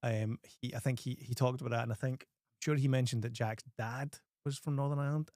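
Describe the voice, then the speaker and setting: A man with a Scottish accent hosting a casual film review chat, animated and often restarting his phrases. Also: mid-range voice, a little fast, no echo, clean studio sound. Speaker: host.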